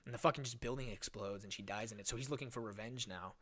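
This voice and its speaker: Fast-talking young man, rambling. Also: medium pitch, a crowd in the background. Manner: rambling storyteller, swears a lot, many fillers. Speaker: podcast host. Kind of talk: casual chat.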